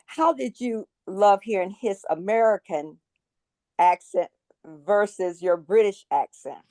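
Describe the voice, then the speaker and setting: A woman's voice: medium pitch, measured pace, dark tone, no echo. A woman co-hosting an interview over a video call, encouraging the guest and backing her with frequent mm-hmms. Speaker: co-host. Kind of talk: casual interview chat.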